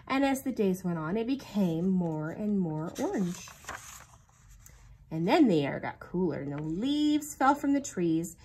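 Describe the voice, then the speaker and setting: A woman reading a children's storybook aloud in an expressive, sing-song storytelling manner. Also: mid-range voice, breathy edge, poor audio. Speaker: reader.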